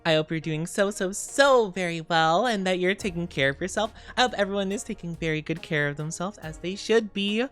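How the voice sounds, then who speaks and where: A young adult woman streamer, tired and low on sleep, chatting casually and greeting her chat. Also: brisk, hardly any pauses, a bit bright, soft background music. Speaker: VTuber streamer.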